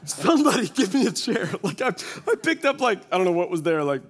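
A man's voice: sits high, sing-song, brisk. A man in his forties giving a humorous, self-deprecating testimony talk at a church gathering, telling stories with quoted asides. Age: 40s. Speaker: church speaker. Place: church gathering before an audience.

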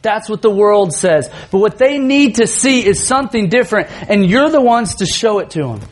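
A man in his thirties preaching a sermon to students, earnest, moving between emphatic stretches and soft, tender storytelling. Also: high voice, expressive, moderate pace. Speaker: youth pastor.

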